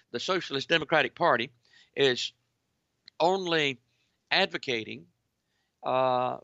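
A man hosting a call-in radio show, delivering a preachy, emphatic monologue that keeps returning to "ladies and gentlemen". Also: medium pitch, creaky, dry recording, lo-fi sound. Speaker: radio talk show host.

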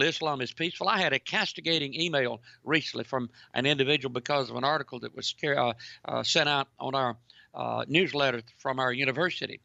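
A man's voice: mid-range voice, creaky, no room sound, lo-fi sound. A man delivering emphatic, preachy commentary, reading news articles aloud and addressing listeners directly. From United States. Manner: preachy, emphatic, repeats "ladies and gentlemen".

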